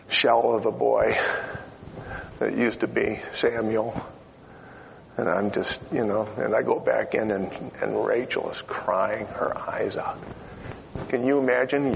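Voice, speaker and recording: A man's voice: mid-range voice, creaky. An older man preaching a sermon. He tells an emotional story and turns to ask his listeners things. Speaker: pastor. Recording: lo-fi recording in a reverberant hall, faint noise.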